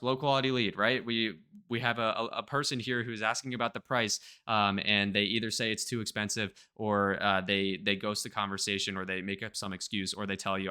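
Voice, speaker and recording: A man's voice: lowish voice, brisk, few pauses, clear, resonant tone. A man teaching marketing straight to camera, energetically checking in with his listeners. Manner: energetic, checks in with "right?" and "okay?". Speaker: marketing coach.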